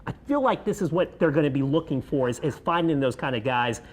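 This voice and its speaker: A man with a fairly high voice chats about football on a panel. He works his ideas out aloud, with many fillers. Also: animated, fairly quick. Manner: thinks aloud with many "like" and "you know" fillers. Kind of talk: casual sports talk.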